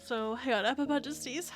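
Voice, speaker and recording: A woman VTuber with a high, pushed, bright voice chats casually while streaming from her home room with her cat. Using a desk streaming mic, she rambles, full of fillers and restarts.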